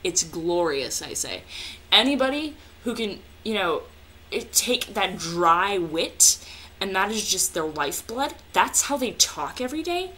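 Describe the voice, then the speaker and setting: A woman's voice: mid-range voice, sing-song, a little slow, sharp tone. A young woman chatting casually as a vlogger, answering viewer questions in a hyper, jokey way with plenty of swearing. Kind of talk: casual chat.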